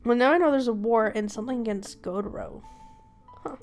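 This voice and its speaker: A woman's voice: a little high, brisk, faint music behind. Chatty woman streaming a game. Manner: chatty, excitable, talks to herself. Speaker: gaming streamer. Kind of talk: casual let's play commentary.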